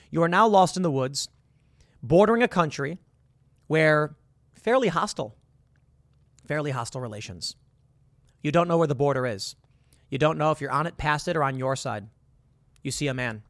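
A man's voice: a little high, no echo. Earnest man, dry close mic. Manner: earnest, repetitive, rhetorical questions. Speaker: commentator. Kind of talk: casual monologue with hypotheticals.

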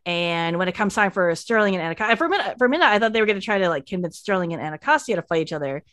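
Lively woman recapping a TV episode. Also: lowish voice, very fast, no room sound, clean studio sound. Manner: animated, acts out characters' lines. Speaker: podcast host. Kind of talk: casual TV recap chat.

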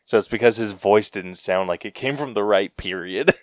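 A man's voice: fairly low pitch, normal speed, hardly any pauses, no echo, clean studio sound. A man co-hosting a podcast, chatting casually about a movie in a laid-back way and reading trivia aloud. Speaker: podcast co-host.

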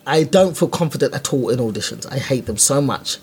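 Husky, blunt woman comedian. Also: rumbling low, lively intonation, a little fast, a little mellow. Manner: blunt, sweary, self-deprecating. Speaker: stand-up comedian. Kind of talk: casual podcast chat.

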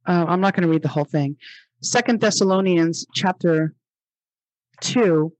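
A woman's voice: lowish voice, moderate pace, a little mellow, no echo. A woman hosting a religious commentary podcast, reading passages aloud and rebutting them in an emphatic, exasperated way, repeating phrases for stress. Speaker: podcast host.

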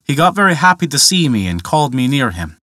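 A man's voice: medium pitch, sing-song, fast, sharp tone, no room sound, clean studio sound. A man voicing a timid, frightened female duck telling her tale in a fable. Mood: fearful. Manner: anxious, confiding storytelling.

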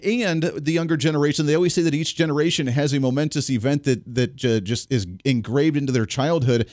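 A man hosting a political talk radio show, speaking in an emphatic, animated way that rises on key words. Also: fairly high pitch, brisk, no room sound, clean studio sound.

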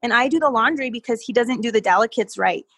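Chatty woman with a husky voice. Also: a little high, fast talker, no room sound. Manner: animated, repeats words when excited, laughs often. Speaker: podcast guest. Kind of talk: casual conversational storytelling.

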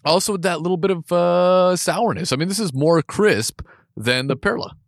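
A man's voice: sits high, moderate pace, vocal fry, no room sound, studio quality. A man co-hosting a casual podcast, reviewing beers with jokes, frequent laughter and trailing restarts. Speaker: podcast co-host. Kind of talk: casual beer review chat.

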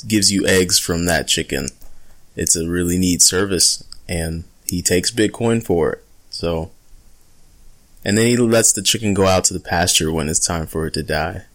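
A man's voice: sits low, fairly bright tone. A man co-hosting a podcast, chatting casually and enthusiastically. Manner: enthusiastic, laughing. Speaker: podcast co-host.

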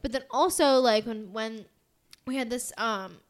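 She is a young American woman co-hosting a chatty podcast, her voice sitting a little high. She rambles along with plenty of fillers and breaks into giggles. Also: measured pace. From United States. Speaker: podcast co-host. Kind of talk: casual chat.

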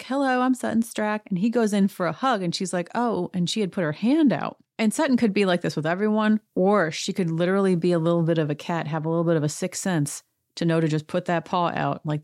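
A woman's voice: lowish voice, a little mellow, no room sound, studio quality. A middle-aged woman hosting a recap show, chatty and sarcastic, acting out quotes in bigger voices. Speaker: podcast host recapping a reality show. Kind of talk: casual recap monologue.

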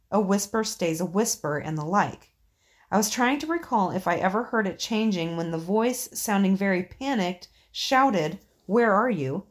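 A woman co-hosting a podcast, reading listener ghost stories aloud and chatting casually, with occasional swearing. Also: medium pitch. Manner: swears casually, laughs often.

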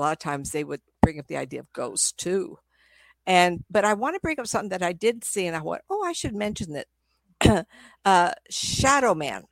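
With a low voice and no room sound in the recording, a middle-aged psychic medium shares stories in an easygoing, wandering style. She frequently laughs and acts out the quoted voices.

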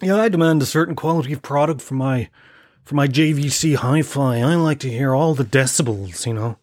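A man's voice: mid-range voice, a little fast, darkish tone, no echo, studio quality, natural voice. A man doing a pompous radio presenter. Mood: smug. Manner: pompous, self-satisfied.

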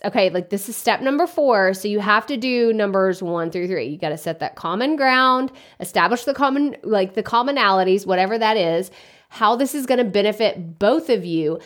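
A woman hosts a podcast and gives advice in a casual, chatty way. Her voice sits at a middle pitch. She often stops to correct herself and acts out the questions people ask. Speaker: podcast host.

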